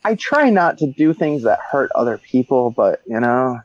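A man's voice: medium pitch, big pitch swings, normal speed, dry recording. Blunt, jokey man on a dull call line. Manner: blunt, jokey, acts out angry voices. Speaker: meme page admin and guest. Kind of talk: casual chat.

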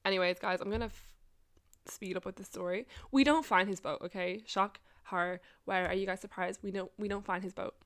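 A woman's voice: medium pitch, steady tone, brisk. A young woman vlogger casually telling a long story, rambling, swearing and laughing often.

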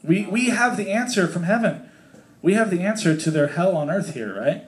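A man's voice: sits high, animated, normal speed. A man leading a casual Bible study for a small group, reading scripture aloud and explaining it in a chatty, joking way with many fillers.

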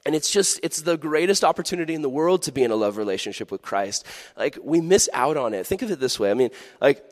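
A man's voice: a little high, animated, fast talker, big-room sound. A man preaching a youth sermon as a pastor, playful and jokey, with sudden earnest drops.

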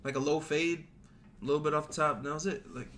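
A young man co-hosting a podcast in casual chat, laid-back, chiming in with quick agreements. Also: fairly high pitch, fairly even intonation, fairly bright tone. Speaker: podcast co-host.

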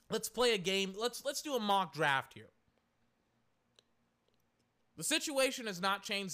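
Brief: high, bright male sports commentator, exasperated solo rant, keeps correcting himself. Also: clear, resonant tone.

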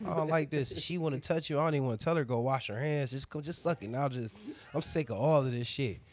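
A man, a barber, casually telling a crude story with lots of slang and voiced quotes, animated and loud at times. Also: mid-range voice, fast.

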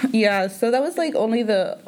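A woman's voice: a little high, animated, takes it slowly, darkish tone, a little hiss or hum. Young woman, casual storyteller, loose and filler-heavy. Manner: storytelling with many likes and restarts. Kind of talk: casual chat.

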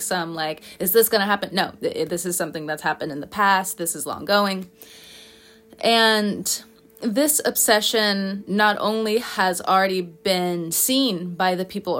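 A woman's voice: on the low side, fairly bright tone. Chatty woman giving a tarot reading. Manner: chatty, laughs often, playful scolding. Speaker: tarot reader.

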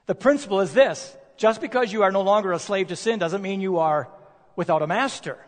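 A male preacher delivering a sermon, emphatic, posing rhetorical questions and slowing down to stress key words. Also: high voice. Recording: long reverb of a large hall.

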